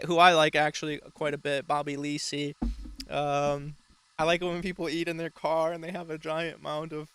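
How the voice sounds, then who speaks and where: A man's voice: a little high, sharp tone, slight background noise. A man hosting a show, talking in a rambling, mock-serious casual way with frequent swearing. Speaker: show host. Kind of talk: casual comedic commentary.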